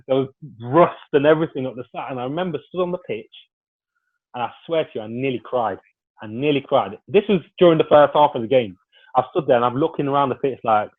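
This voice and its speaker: A man recounts his playing days in a loose, chatty way, slipping into the voices of the people in his stories. His voice comes through a thin, phone-like line. He sits in the middle of the male range. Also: medium pitch. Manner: lively anecdotal storyteller, acts out dialogue. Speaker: former footballer guest. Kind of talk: casual storytelling interview.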